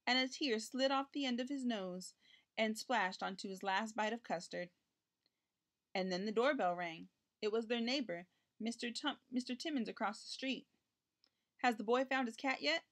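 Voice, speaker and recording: A woman with a voice on the high side reads a children's picture book at a moderate pace, using an expressive storytelling style.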